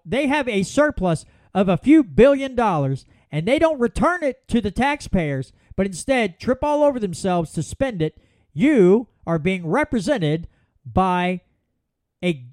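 Animated man ranting solo. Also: high voice, no echo. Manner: folksy, animated storytelling with repeated restarts. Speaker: podcast host. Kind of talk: solo political commentary.

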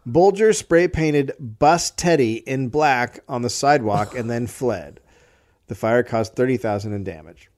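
A man's voice: medium pitch, unhurried, darkish tone. A man hosting a comedy podcast, telling a history story from notes with wry asides and the odd stumble.

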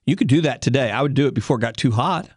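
A man's voice: mid-range voice, lively intonation, very fast, husky, no room sound. Casting note: man, radio garden-show host, folksy and chatty, dry close-mic studio sound. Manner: folksy, chatty, laughs easily. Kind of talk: casual call-in radio talk. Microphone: studio microphone.

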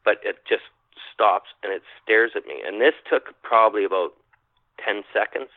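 Canadian guy telling a wild story on a phone-quality line, kinda deep voice, keeps repeating himself. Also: normal speed, no echo. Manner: animated storyteller, acts out his own thoughts, repeats phrases. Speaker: podcast guest. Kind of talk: telling a personal encounter story. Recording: dry tinny phone-line sound.

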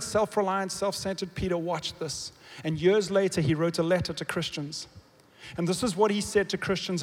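Preaching a sermon, a pastor swings from loud, emphatic bursts to quiet, low asides and poses questions to the congregation. The recording has the long reverb of a big hall.

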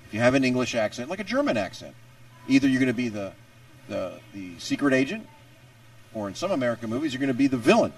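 A man's voice: mid-range voice, big pitch swings, quick pace, recorded from a distance. A man co-hosting a podcast, chatting in an opinionated, joking way. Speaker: podcast co-host. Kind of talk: casual podcast chat.

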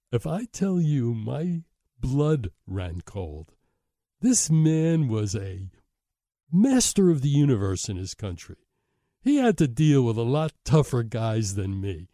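A man's voice: mid-range voice, dark tone, no echo, studio quality. A middle-aged man, a host telling a story in a wry, self-deprecating way. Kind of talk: storytelling monologue.

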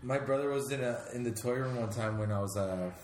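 A man's voice: mid-range voice, brisk. Man telling a story in an echoey room. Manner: swears, animated retelling with laughs. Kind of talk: casual chat, storytelling. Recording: echoey room with faint noise.

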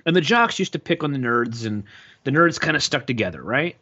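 A man co-hosting a casual podcast, speaking in a relaxed, joking way. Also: medium pitch, brisk. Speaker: podcast co-host. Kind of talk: casual chat. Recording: dull lo-fi audio.

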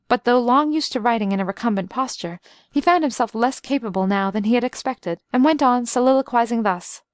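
A woman reading a classic novel aloud in measured scripted narration. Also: a little high, no room sound, studio quality. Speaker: audiobook narrator.

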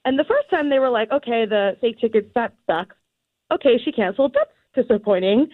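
Young woman on the phone, giggly and animated, tinny dry line, kinda high voice. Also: fairly quick, dry recording. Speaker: guest caller. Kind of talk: casual phone interview.

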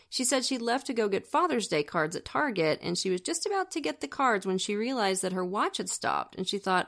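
A woman's voice: medium pitch, lively intonation, brisk. A woman co-hosting a true-crime podcast, telling the story in a casual, chatty way with wry asides. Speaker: podcast co-host.

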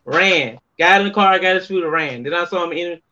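Talking a little fast, this wrestler guest shares backstage wrestling tales in a relaxed interview, his bright, forceful voice sitting slightly high. He's animated, imitates others when quoting them, and curses without holding back, all on a dull, lo-fi recording.

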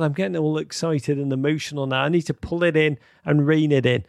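A middle-aged man hosting a live call-in show, rambling and repeating words as he speaks warmly and emotionally to callers. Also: on the high side, fairly even intonation, fairly quick, vocal fry, no echo, studio quality. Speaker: podcast host taking callers.

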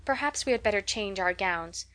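A woman voicing a polite, quietly rebellious teenage girl in an audiobook reading, with a reserved manner. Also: mid-range voice, animated, moderate pace, close to an everyday voice.

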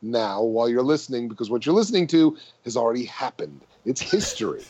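Wry, animated man on a dull line. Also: mid-range voice, fairly quick, breathy edge. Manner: joking, wry, playful. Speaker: podcast guest. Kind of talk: casual chat. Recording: dull lo-fi sound.

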